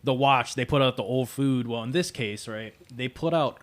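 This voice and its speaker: A man's voice: medium pitch, normal speed. A man telling a story in casual podcast chat, laughing often and swearing freely. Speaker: podcast host.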